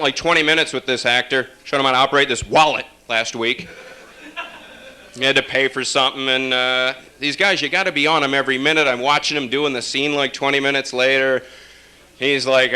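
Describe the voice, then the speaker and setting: A man from upstate New York doing a rambling stand-up comedy set with wry, deadpan asides. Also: medium pitch, clean tone.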